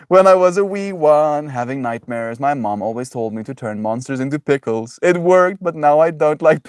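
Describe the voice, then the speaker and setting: A man's voice: mid-range voice, darkish tone, dry recording. Joking young man streaming, dry sound. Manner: reads chat aloud, laughs often, jokey. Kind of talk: casual live-stream chat.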